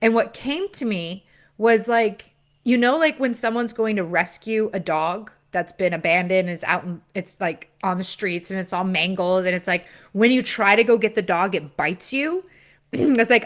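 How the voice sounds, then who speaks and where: A woman's voice: mid-range voice, normal speed. A woman talking candidly in a casual personal vlog, rambling with fillers as she retells conversations. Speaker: business coach.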